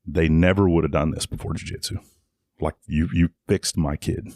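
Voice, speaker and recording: A middle-aged man talks in a low, deep voice. He tells stories casually and rambles, restarting his sentences and leaning on "like." The sound is dry and close. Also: steady tone, moderate pace, gravelly, darkish tone, no echo. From Tennessee. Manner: rambling, frequent restarts and "like" fillers. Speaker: guest, jiu-jitsu academy owner. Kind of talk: casual conversational storytelling.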